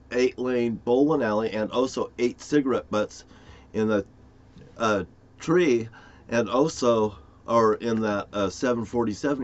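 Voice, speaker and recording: A man rambling profanely to camera in a conspiratorial monologue, jumping from topic to topic with sudden loud outbursts. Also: medium pitch, muffled recording. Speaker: vlogger.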